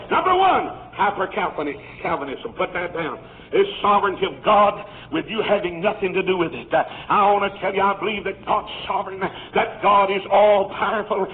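Preacher guy hollering a revival sermon, high lively voice, thin phone-ish hissy recording. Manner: shouting, laughing, exclaiming praises. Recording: tinny phone-like old tape with hiss.

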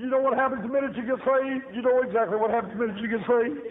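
A preacher with a very high voice races through his testimony at a fast clip, his intonation fairly even. He's folksy and emphatic, laughing often and repeating phrases, and the broadcast sounds tinny, like a phone over the radio.

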